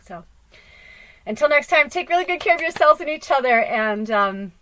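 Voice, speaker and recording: A woman's voice: high-pitched, lively intonation, moderate pace, a little hiss or hum. Passionate swearing woman medium. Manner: passionate and swearing, swinging from loud outbursts to soft hushed passages. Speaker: spiritual medium and channel host. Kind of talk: casual spiritual monologue to viewers.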